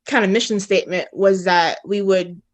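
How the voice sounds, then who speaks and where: A woman with a mid-pitched voice tells a story in a casual podcast chat. She hesitates and restarts often. Her tone stays matter-of-fact. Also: steady tone, normal speed.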